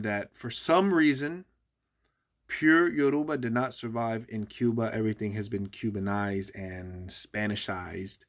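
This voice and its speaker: A man who practises as an Olorisha, reflecting in a monologue to camera with a hesitant, musing delivery full of restarts. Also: mid-range voice.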